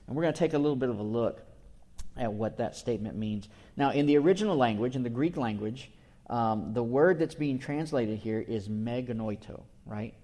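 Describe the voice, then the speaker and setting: A male preacher of middle pitch with a mellow, warm tone, teaching a sermon verse by verse. He talks in a relaxed, conversational way, restarting phrases as he explains each word. He keeps checking in with his listeners by asking "right?". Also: moderate pace.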